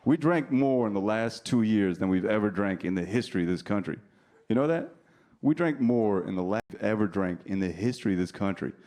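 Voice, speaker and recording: In a live comedy club recording with a faint crowd, a man in his thirties delivers brash, profane stand-up and ribs the audience. His mellow, lowish voice moves a little fast with lively intonation.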